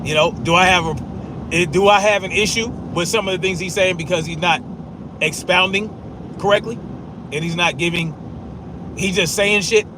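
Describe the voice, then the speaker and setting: A man's voice: high-pitched, steady tone, normal speed, long pauses, background noise. A man arguing back at chat comments during a casual live stream, profane and repeating himself for emphasis.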